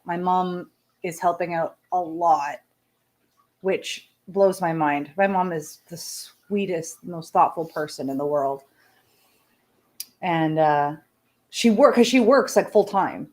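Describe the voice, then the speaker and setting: Chatty laughing woman, lowish voice. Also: measured pace, a little mellow. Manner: chatty, laughs often, self-deprecating asides. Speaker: live show host talking to viewers. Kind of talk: casual personal chat.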